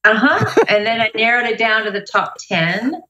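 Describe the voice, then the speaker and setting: A middle-aged motivational speaker with a bright, forceful, slightly high voice tells a lively story in a casual interview. Upbeat and energetic at a normal pace, she's heard in an echoey room with a slight hiss or hum.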